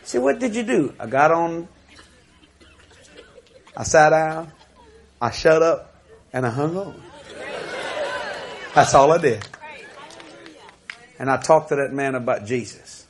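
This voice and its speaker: A man delivers a sermon as a lively story. His voice sits a little high for a man. He laughs often and acts out each person's words. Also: slow, long pauses, a faint crowd, a little hiss or hum. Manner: animated, laughing storyteller acting out quotes. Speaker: preacher.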